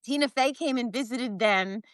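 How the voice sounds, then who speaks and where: A woman's voice: fairly high pitch, normal speed, no echo, studio quality. A woman in her fifties from New Jersey, hosting a live video in a chatty, rambling, self-mocking way. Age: 50s. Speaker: live-stream host. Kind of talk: casual chat.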